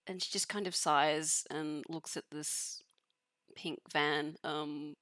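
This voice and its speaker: A woman's voice: low-pitched, steady tone, takes it slowly, a bit bright, no room sound, studio quality. A woman playing a tabletop role-play game, narrating her character hesitantly with many restarts and giggles.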